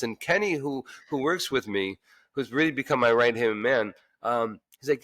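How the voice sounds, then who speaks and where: A man, a restaurant chef-owner, telling lively stories in an interview and acting out what people said. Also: mid-range voice, normal speed, no echo. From Queens, New York. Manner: animated storyteller who acts out quoted voices. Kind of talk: casual storytelling interview.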